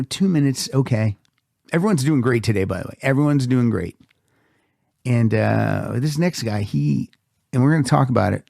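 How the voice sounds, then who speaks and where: Gravelly-voiced man telling a rambling story. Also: on the low side, dry recording, studio quality. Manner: animated, rambling, swears freely. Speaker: podcast host. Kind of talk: casual storytelling on a podcast.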